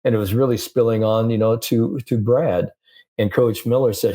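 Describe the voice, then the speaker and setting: An older man, a sports psychologist, telling stories in a relaxed interview, full of "you know" fillers. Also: mid-range voice, normal speed. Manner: animated storyteller, many "you know" fillers, laughs often. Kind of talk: conversational interview storytelling.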